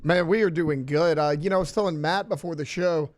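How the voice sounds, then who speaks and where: Higher-voiced easygoing sports talker, man. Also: fairly quick. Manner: easygoing, argues his point with rhetorical questions. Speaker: sports radio regular. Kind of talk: casual sports talk. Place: radio studio.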